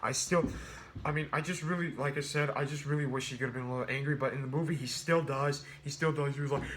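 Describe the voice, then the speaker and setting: A man's voice: mid-range voice, steady tone, fast, fairly bright tone. Rambling man reviewing a movie. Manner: rambling, many restarts and fillers, acts out quotes.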